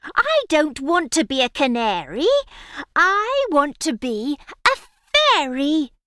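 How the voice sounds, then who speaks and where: A woman's voice: high-pitched, wildly swooping pitch, slow pace, bright, forceful tone, dry recording, clean studio sound, voice pushed up, full character voice. A woman voicing a grumpy female witch who longs to be a fairy, in a whiny, pleading manner, for a children's storybook reading.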